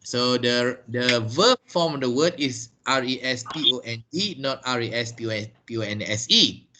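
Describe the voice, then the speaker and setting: A Malaysian English teacher with a mid-range voice gives an online lesson over a video call, speaking a little slowly against background noise. He spells words out letter by letter and drills pronunciation.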